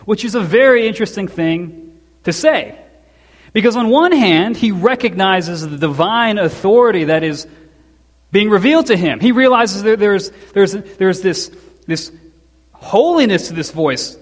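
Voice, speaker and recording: A man preaching an expository sermon in a church, telling the story conversationally with quick asides and chuckles. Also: high-pitched, animated, in a large hall.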